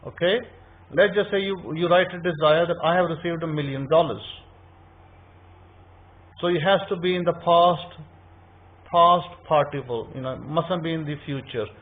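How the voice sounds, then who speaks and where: Over a tinny, phone-like line, a man gives an informal scripture teaching that is conversational and repetitive, acting out what his listeners might be thinking. His voice is a little high, at normal speed with long pauses.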